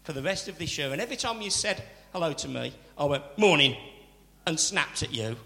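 A man preaching a sermon, chatty and animated, with asides to the congregation. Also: fairly high pitch, quick pace, creaky. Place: church. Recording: church hall reverb, faint hum.

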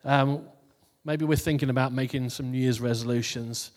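Man, preacher, casual sermon, chatty and relaxed, mid pitch, long reverb. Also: normal speed. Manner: relaxed, chatty, laughs at his own jokes. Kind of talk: casual New Year sermon.

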